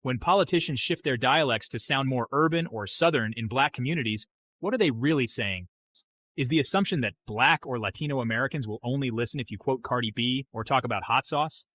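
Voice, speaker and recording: Man, scripted voice-over, measured, persuasive, dry recording. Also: mid-range voice, a bit bright, no room sound. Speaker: commentary narrator.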